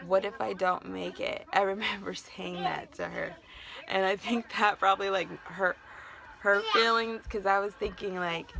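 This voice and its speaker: Chatty young woman vlogger. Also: lowish voice. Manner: chatty, many "like" fillers. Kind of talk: casual storytelling to camera.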